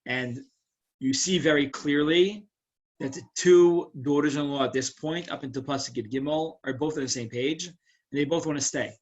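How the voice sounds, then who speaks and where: A man's voice: fairly high pitch, normal speed, highs cut off. A man teaching a Torah lesson as a rabbi, explaining verses in a casual, storytelling way with frequent asides. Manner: casual, animated storytelling with frequent "right?" and "you know".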